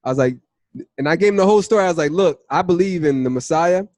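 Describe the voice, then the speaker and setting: Young male Bible teacher, slightly high voice, dry close recording, casual storytelling testimony. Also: fast talker, dry recording. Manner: animated storytelling, acts out dialogue with "I was like".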